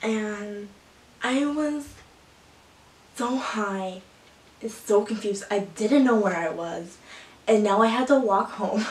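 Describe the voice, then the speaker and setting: A woman's voice: medium pitch, slow pace, long pauses, darkish tone. A young woman telling a rambling story to her camera, full of 'like' and laughter. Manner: rambling, laughing often, filler-heavy with lots of 'like'. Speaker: vlogger. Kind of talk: casual storytime. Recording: echoey room, from a distance.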